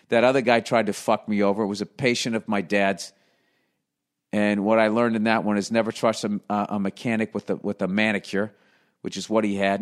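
A middle-aged man with a profane, ranting, self-deprecating manner, telling a casual comedic story. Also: on the low side.

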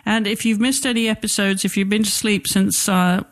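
A man's voice: high-pitched, steady tone, normal speed, fairly bright tone. A man hosting a sports podcast, chatting casually and restarting his words often. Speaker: podcast host.

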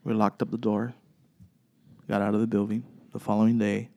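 A man who leads a paranormal investigation group, telling stories in a halting way with many fillers and acting out the dialogue. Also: fairly low pitch, little pitch movement, creaky, dark tone. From Texas. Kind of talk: storytelling guest chat.

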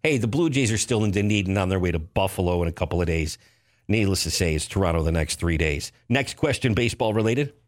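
Low-voiced male sports talk host, animated and opinionated. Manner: animated, jumps in pitch, rapid asides. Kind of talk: casual sports chat.

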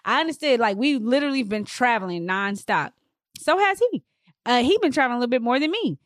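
A woman in her thirties telling a personal story to her viewers in a casual, animated way, with big swings in her voice for emphasis. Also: quick pace, dry recording, clean studio sound. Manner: animated, expressive, swings pitch widely for emphasis.

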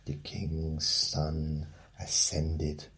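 A man reading a bedtime fairy tale aloud, breaking off for deadpan jokes. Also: rumbling low, extremely slow, slightly rough, rough recording. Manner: deadpan, joking. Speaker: storyteller. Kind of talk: bedtime story reading with comic asides.

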